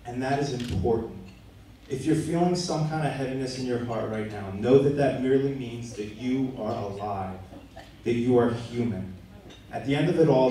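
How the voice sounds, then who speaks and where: A man's voice: medium pitch, warm tone, slight background noise. A man in his thirties giving a best man speech at a wedding reception, joking and then turning earnest and sentimental. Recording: echoey room from far off.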